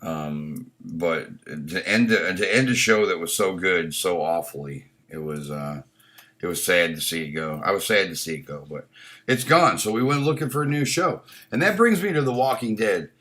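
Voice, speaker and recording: A man's voice: deep voice, lively intonation, normal speed, a bit bright. A man hosting a casual live stream, blunt and opinionated, swearing often, with frequent restarts, reading chat comments aloud. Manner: blunt and heavily profane, many restarts.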